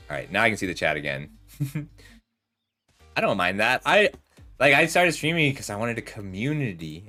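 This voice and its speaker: Bright, lively man streaming a card game. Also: mid-range voice. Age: 30s. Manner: rambling, chatty, talks to chat while playing. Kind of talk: casual gameplay commentary with storytelling.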